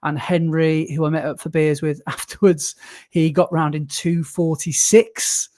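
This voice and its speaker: A man's voice: a little high, little pitch movement, unhurried, darkish tone. A man from the UK co-hosting a running podcast, chatting casually with lots of fillers and restarts. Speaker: podcast co-host. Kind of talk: casual chat.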